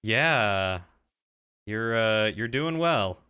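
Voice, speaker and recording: A man with a bright, crisp voice chats casually on a stream with a friend. His pitch sits a bit low, and he keeps the talk friendly and joking. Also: lively intonation, extremely slow. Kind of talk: casual chat.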